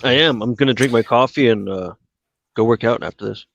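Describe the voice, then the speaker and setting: A man talking casually on a podcast over a call, relaxed and rambling. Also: mid-range voice, fairly quick, gravelly, no room sound, dull audio.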